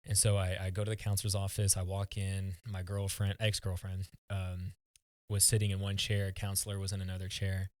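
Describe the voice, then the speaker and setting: A man with a fairly low voice tells a personal story as a podcast guest, earnest and halting, often restarting his words. The sound is dry and close, with no room around it. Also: monotone, no room sound. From United States.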